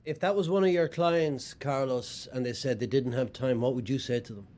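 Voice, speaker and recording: A man's voice: medium pitch, moderate pace, darkish tone. A man hosting a casual conversation, telling stories and reflecting thoughtfully. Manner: reflective storyteller, acts out quotes. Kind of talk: casual chat.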